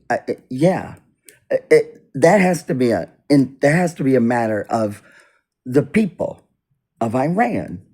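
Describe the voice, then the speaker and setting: A man giving an unscripted political monologue for his video, halting and restarting, his voice swinging between loud and soft. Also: on the low side. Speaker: video blogger. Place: indoors, US east coast.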